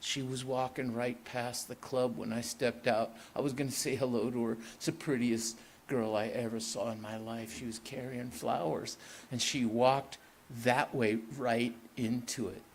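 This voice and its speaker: A man's voice: mid-range voice, little pitch movement, normal speed, creaky, slight background noise, natural voice. A man voicing a wounded young soldier, pleading. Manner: calls out urgently, then fades weakly.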